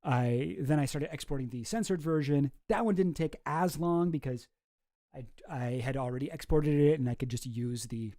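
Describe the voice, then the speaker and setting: Guy streaming, rambly and offhand, keeps trailing off, slightly high mellow voice, dry close sound. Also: normal speed, dry recording. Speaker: streamer and video creator. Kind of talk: casual livestream chat.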